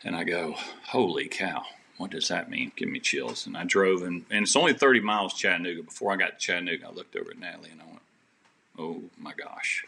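Deep gravelly man telling his story. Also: fast talker, hardly any pauses, pushed and bright, a little hiss or hum. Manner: earnest, rambling, faith-filled storytelling with many restarts. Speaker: podcast guest. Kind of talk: personal storytelling in a podcast interview.

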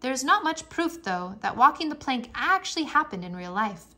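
A woman reading a children's nonfiction book aloud in an expressive storybook manner, with playful exclamations. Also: high voice, normal speed. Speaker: reader.

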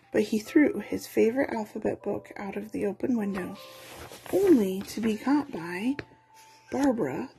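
A woman reading a children's storybook aloud in an expressive, playful way. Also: mid-range voice, rough recording.

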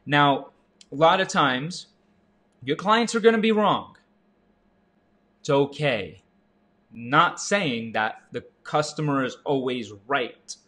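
A man in his thirties giving an energetic sales coaching talk, jumping up in pitch for emphasis and asking the listener questions. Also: takes it slowly, pauses often. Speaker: real estate agent and sales coach. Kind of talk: motivational sales talk to camera.

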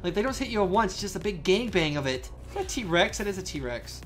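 A young man giving excitable live commentary on a survival game he is playing, with frequent outbursts and laughs. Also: sits high, quick pace. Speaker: gaming channel host. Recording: faint game music behind.

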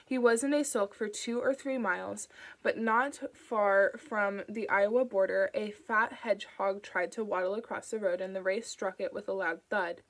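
A woman narrating an audiobook in a calm, even storytelling manner. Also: mid-range voice, normal speed, rough recording. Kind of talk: audiobook reading.

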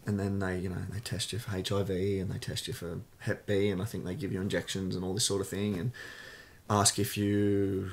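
Low-voiced Australian man telling his story. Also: completely flat delivery, fairly quick, creaky. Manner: candid, rambling, many fillers. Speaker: podcast guest. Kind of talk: casual storytelling interview.

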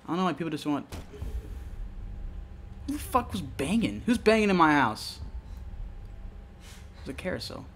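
A man's voice: fairly high pitch, moderate pace, long pauses, a little hiss or hum. A young man giving casual commentary on a horror game as he plays, swearing a lot and easily startled into yelps. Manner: swearing, jumpy and excitable, yelps when startled. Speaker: let's play gamer.

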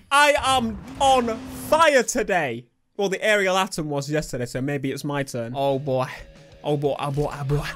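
A man hosting a racing-game let's play, rambling and excitable, yelling one moment and muttering the next. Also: sits high. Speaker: gaming channel host. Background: racing game music and engine sounds.

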